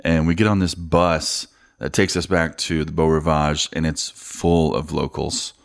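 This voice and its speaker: A man's voice: rumbling low, flat delivery, measured pace, gravelly. A man co-hosting a podcast in casual chat over drinks, laid-back, swearing freely and laughing through his stories. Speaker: podcast co-host.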